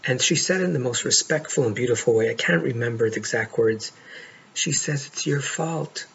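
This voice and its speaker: Earnest man with a gravelly voice. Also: medium pitch, a bit bright. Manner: earnest, heartfelt, pauses often to stress words. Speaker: life coach. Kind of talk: monologue to camera. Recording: dull lo-fi audio with faint noise.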